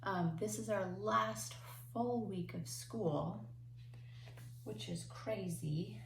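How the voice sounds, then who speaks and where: A woman teaching kindergarten remotely from home, speaking slowly and patiently in simple words for young children. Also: mid-range voice, vocal fry, echoey room, slight background noise. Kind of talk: remote class lesson.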